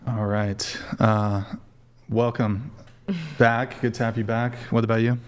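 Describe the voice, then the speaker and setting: Brisk male show host. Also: on the low side, flat delivery, smooth. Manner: brisk, steering questions. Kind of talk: panel show hosting.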